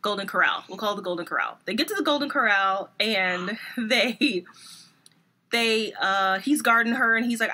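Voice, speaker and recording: A woman's voice: medium pitch, normal speed, pushed and bright. A woman co-hosting a casual book review podcast, acting out characters mockingly and laughing often.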